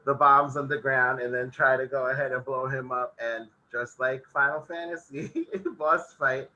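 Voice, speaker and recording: A man chatting on a casual podcast, recapping an episode in easy, rambling sentences. He laughs often as he goes. His voice is very bright and forceful. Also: mid-range voice, steady tone, moderate pace, muffled recording. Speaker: podcast co-host.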